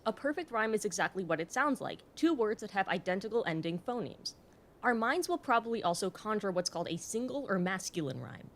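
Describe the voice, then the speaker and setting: A woman reads a scripted educational video in a clear, explanatory voice. Her pitch sits right in the middle, and she drops in wry, joking asides. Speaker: host.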